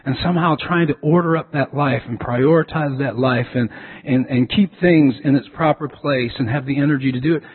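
A man's voice: mid-range voice, brisk, husky. A man preaching a sermon as a pastor, telling stories and often repeating words as he restarts. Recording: tinny phone-like sound.

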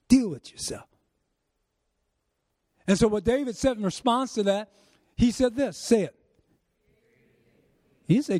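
Fervent male preacher, high voice, dry close sound, builds to shouts. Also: no echo. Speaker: pastor. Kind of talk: sermon.

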